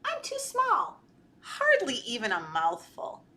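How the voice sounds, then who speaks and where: A small owl knight speaks up bravely in a high, bright, earnest voice, as a woman reads him aloud. He is clever and polite, and sounds tiny next to the dragon in this picture-book tale. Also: huge pitch swings, slow, exaggerated voice.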